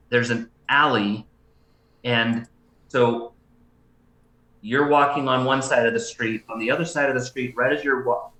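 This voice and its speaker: A man running a tabletop game as dungeon master, narrating the scene haltingly with many restarts and ums. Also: medium pitch, bright, forceful tone, roomy sound, low-quality recording. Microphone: livestream mic.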